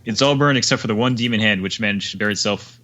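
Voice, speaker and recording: A man's voice: fairly low pitch, racing, pushed and bright, highs cut off. A man guesting on a podcast, chatting casually with wry, dry humor. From United States. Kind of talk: casual chat.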